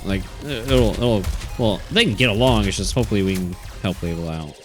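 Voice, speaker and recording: Male streamer, low pitch, reads a story game aloud with blunt, cursing asides over faint music. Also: fairly quick. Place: home streaming setup.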